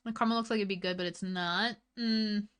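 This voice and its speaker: Bright-voiced woman streamer ranting. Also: medium pitch, steady tone, brisk, clear, resonant tone. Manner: heated, profane ranting, swinging between loud and mumbled. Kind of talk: casual chat. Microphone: desk mic.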